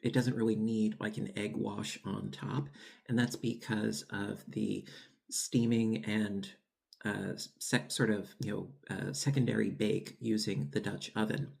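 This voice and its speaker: Here the baking-channel host has a low, creaky, somewhat mellow voice with a flat delivery and a measured pace. He rambles casually while tasting his bread, enjoying the food as he talks, restarting and using lots of fillers in easygoing cooking-vlog chatter.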